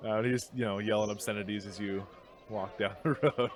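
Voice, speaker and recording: A man running a tabletop game over a video call, narrating haltingly with many pauses and frequent laughs. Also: fairly low pitch, steady tone. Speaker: game master.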